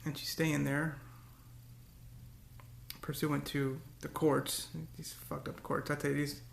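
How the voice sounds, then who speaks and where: A man's voice: a little high, completely flat delivery, slow pace, vocal fry, reverberant, a little hiss or hum. A man talking to the camera in a casual, rambling monologue, often repeating words and breaking into cursing rants. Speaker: vlogger.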